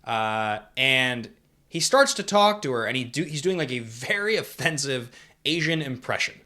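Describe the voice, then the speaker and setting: Bright, lively man reviewing movies. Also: mid-range voice, moderate pace. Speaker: podcast co-host. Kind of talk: casual movie review chat.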